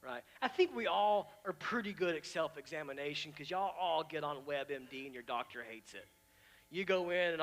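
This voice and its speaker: A man pastor preaching a sermon, emphatic and repetitive, swinging from hushed asides to loud declarations. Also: a little high, lively intonation, moderate pace.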